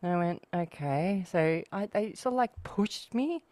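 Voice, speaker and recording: Low-voiced woman telling a story, dry sound. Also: animated, measured pace, dark tone, no echo. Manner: chatty anecdotal storyteller, laughs often. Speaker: podcast guest. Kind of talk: casual spiritual chat.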